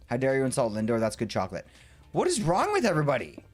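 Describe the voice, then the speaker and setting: Give me a man on a casual live stream, animated and rambling, with soft music in the background. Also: mid-range voice, quick pace. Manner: excitable and rambling, reacting to chat with playful rants. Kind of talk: casual livestream chat while building in a game.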